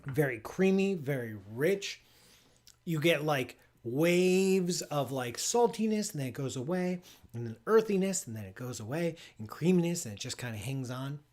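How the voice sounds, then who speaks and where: Man, somewhat high voice, casual live-stream host, loose rambling talk, playful. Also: animated, normal speed, a little mellow. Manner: loose and chatty, full of "like" and restarts; playfully enthusiastic food tasting. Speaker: astrophysicist host of a live call-in space show.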